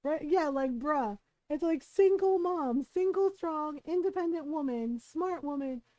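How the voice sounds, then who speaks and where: A woman's voice: high voice, unhurried, warm tone, dry recording, highs cut off. A woman streamer telling a family story in casual chat, tagging her lines with "right?" and acting out what relatives said. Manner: chatty, tags lines with "right?"; acts out family members' lines. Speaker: game streamer.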